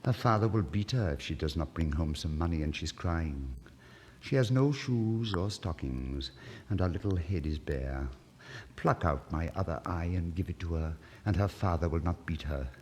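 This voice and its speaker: A gentle, sorrowful statue prince, voiced by a man, speaking slowly and quietly. The voice sits low, with a long hall reverb from an old vinyl recording behind it. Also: animated, a little hiss or hum. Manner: low, slow and hushed.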